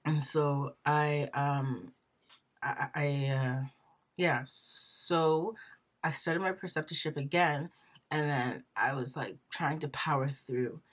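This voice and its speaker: A woman's voice: low voice, slow. A young woman vlogger telling her personal story in an earnest, rambling way, full of fillers and close to tears.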